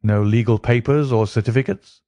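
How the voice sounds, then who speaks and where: A man voicing a cool, sharp-minded male detective in a dry, clipped manner, his voice lifted a little above his narrating voice. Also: mid-range voice, moderate pace, no room sound, natural voice.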